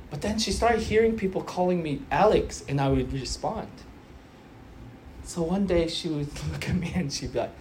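A man's voice: medium pitch, lively intonation, moderate pace, a little mellow, a little hiss or hum. A man in his thirties preaching a sermon in a conversational way, asking rhetorical questions and explaining scripture. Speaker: pastor.

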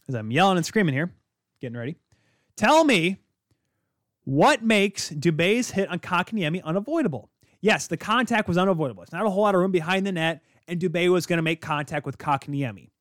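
A man hosting a hockey podcast, rambling excitedly and calling his viewers kids. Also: high voice, a little fast, no echo, studio quality. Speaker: podcast host. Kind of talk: casual hockey talk.

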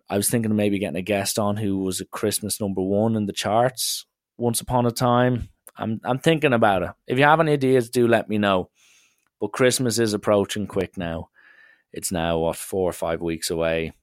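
Animated swearing Irish man. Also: lowish voice, dry recording, clean studio sound. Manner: animated, swears, acts out others' lines. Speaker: podcast host. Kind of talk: casual storytelling monologue.

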